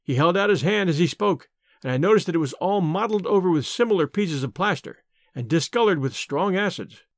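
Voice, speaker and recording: A male narrator reading a classic novel aloud in clear, measured scripted narration. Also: sits high, lively intonation, no room sound, studio quality. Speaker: audiobook narrator.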